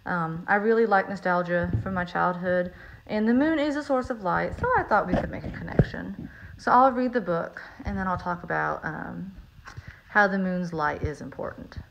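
A teacher reading a picture book aloud to young children, talking in a friendly way with frequent ums. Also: female voice, on the low side, moderate pace, creaky. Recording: slightly muffled recording with faint hiss.

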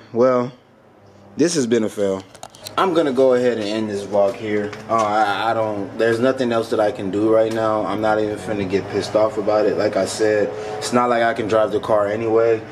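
A man's voice: lowish voice, fairly even intonation, normal speed. Man hosting a car-mod vlog, casual and exasperated, faint noise behind. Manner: frustrated, exasperated, laughing it off. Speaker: car modification vlogger.

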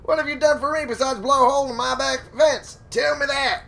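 A man's voice: very high-pitched, fairly even intonation, a little fast, gravelly, pushed and bright, voice pushed up, exaggerated voice. A man voicing a crazy, cranky old hermit man with a grumbling, ranting manner.

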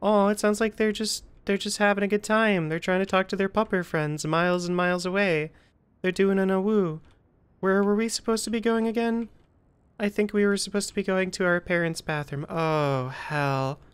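A woman's voice: medium pitch, fairly even intonation, normal speed, clear, resonant tone. A young woman giving nervous, joking commentary while playing a horror game, often repeating herself. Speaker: gaming video creator.

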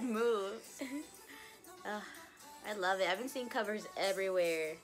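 A woman's voice: medium pitch, animated, slow, pauses often. A young woman chatting casually in a reaction vlog, gushing and breaking into laughs and gasps. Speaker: vlogger. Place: at home, sitting down. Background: music video playing faintly.

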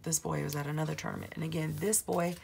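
A woman in her forties with a hoarse voice, telling a long story in a casual vlog, rambling with plenty of fillers. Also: low-pitched, little pitch movement, fast talker, a little mellow, a little hiss or hum. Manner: chatty, rambling with many fillers. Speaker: planner vlogger.

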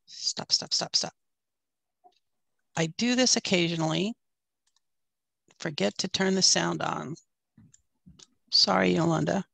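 A woman fumbling with a video, her voice low, heavily gravelly and very dry, half-muttering apologies to herself. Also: takes it slowly, pauses often, a bit bright, no room sound. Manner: apologetic muttering while fixing playback. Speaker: video operator.

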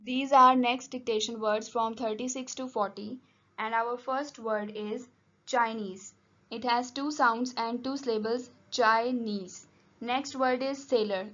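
A woman teacher reading dictation words slowly and deliberately for a class. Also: fairly high pitch, fairly bright tone. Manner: slow, deliberate word-by-word dictation. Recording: dull lo-fi audio.

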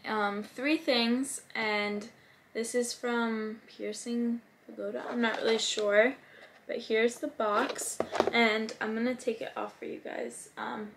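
A woman in her twenties gushes casually about her birthday gifts in a haul vlog, sprinkling in lots of "likes" and "ums." Her voice is on the high side, with slight background noise.

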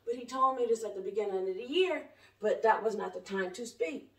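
Speaking a little fast at a fairly high pitch, this woman in her forties preaches with passion and no script, a self-appointed prophet addressing a camera. She is indoors at home, recorded from a distance in an echoey room, and her rambling, colloquial manner shifts between shouting and soft asides.

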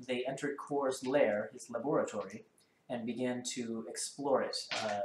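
A man hosting a tabletop game stream as dungeon master, talking quickly with lots of ums and uhs. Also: medium pitch. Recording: roomy sound with clear background noise.

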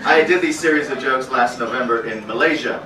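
A man's voice: medium pitch, a little fast. A man doing a stand-up comedy set in a small cafe, riffing crudely and bantering with the audience. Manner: brash, riffing, crude jokes, chats with the audience. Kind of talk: stand-up set with crowd work. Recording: echoey room, far from the mic, loud noise. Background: audience laughter.

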